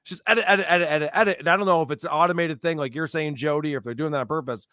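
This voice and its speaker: Guy guesting on a podcast, sarcastic storyteller, slightly high voice, dry close sound. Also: rapid-fire, pushed and bright, dry recording. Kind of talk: casual podcast chat.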